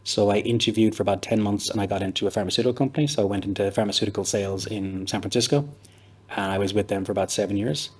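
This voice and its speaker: A man's voice: fairly low pitch, steady tone, rapid-fire, a little mellow, slightly rough. An Irish man, a pub owner, telling his story in a chatty, rambling interview with lots of fillers. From Ireland.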